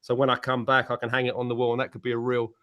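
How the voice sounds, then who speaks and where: Speaking rapid-fire and monotone in a mid-range voice, this UK musician with an English accent rambles through long stories as a panel guest, often starting his sentences over. The sound is lo-fi.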